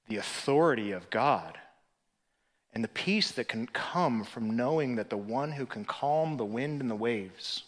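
Animated man preaching in a reverberant hall. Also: medium pitch. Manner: animated, rising to emphatic peaks and dropping to quiet reflective lines. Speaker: pastor. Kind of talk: sermon. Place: church sanctuary.

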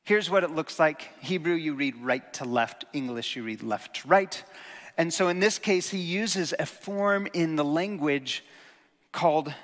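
A man's voice: a little high, a little slow, fairly bright tone. Man preaching in a reverberant hall. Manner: conversational teaching, enthusiastic asides. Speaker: pastor. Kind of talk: sermon.

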